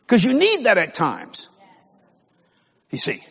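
A man with a high, creaky, husky voice takes his time, the sound ringing with long hall reverb. Preaching as pastor in a church sanctuary, he spins folksy stories in an animated way, frequently laughing.

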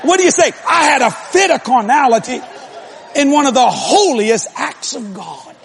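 A man's voice: extremely high pitch, animated, normal speed, fairly bright tone, some chatter behind, a little hiss or hum. A man preaching a humorous sermon, telling a story in a blunt, folksy way, laughing often and mimicking voices and sounds.

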